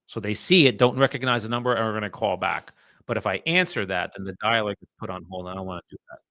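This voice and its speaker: A man's voice: on the low side, lively intonation, quick pace, bright, forceful tone, no room sound. A man, a real estate agent chatting bluntly and with some profanity to live-stream viewers while his dialer runs. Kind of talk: casual live-stream chat.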